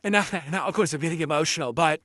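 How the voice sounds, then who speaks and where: A man talking earnestly and a little haltingly in casual speech. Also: fairly high pitch, bright, forceful tone, dry recording, studio quality. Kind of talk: casual heartfelt talk.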